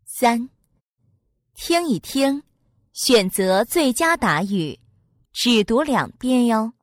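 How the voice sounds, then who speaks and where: A woman reading listening-test instructions slowly, in a clearly enunciated, sing-song way. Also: a little high, expressive, no room sound. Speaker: exam announcer.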